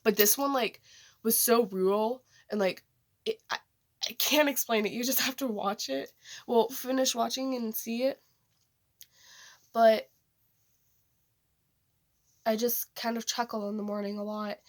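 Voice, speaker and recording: A woman's voice: fairly high pitch, a little slow, pauses often. A teenage girl recounts a vivid dream in a casual, rambling vlog. She corrects herself often and leans on fillers as she goes. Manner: rambling, many fillers and restarts. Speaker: vlogger.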